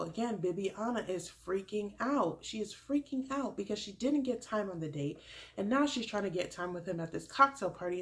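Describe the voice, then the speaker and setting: A young woman vlogger recapping a reality show in a chatty, animated way, often laughing and acting out what people said. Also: mid-range voice. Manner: chatty, laughs often, drops into quoted voices. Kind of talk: animated casual recap with acted-out quotes.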